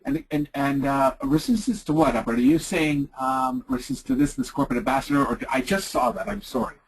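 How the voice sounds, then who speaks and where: A middle-aged man with a Canadian accent giving a chatty leadership presentation, acting out quotes in lively voices. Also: mid-range voice, brisk, breathy edge, rough recording. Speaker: leadership speaker. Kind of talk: webinar presentation.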